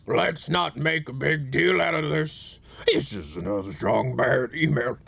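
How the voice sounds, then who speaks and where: Smug masked cartoon guy, slow lazy drawl, as a male streamer puts him on. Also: a little high, creaky, a bit bright, pitched above the performer's own voice, heavily acted.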